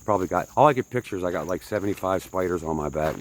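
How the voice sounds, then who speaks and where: A man hiking uphill fires off his words rapidly in a low, expressive voice, with slight background noise behind him. Out of breath, he rambles chattily, pokes fun at himself and asks the folks watching what to do next.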